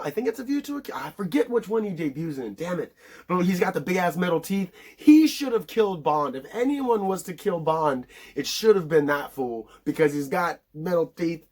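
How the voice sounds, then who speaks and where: A man's voice: sits high, a little mellow. A man casually recapping a movie in a rambling, profane way, full of filler words. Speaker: film reviewer.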